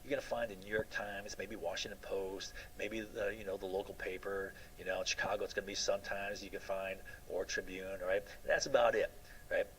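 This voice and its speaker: A man's voice: sits low, steady tone, a little fast, fairly bright tone, slight background noise, rough recording. A man lecturing a class in a loose, rambling way, often asking "right?" and restarting his sentences.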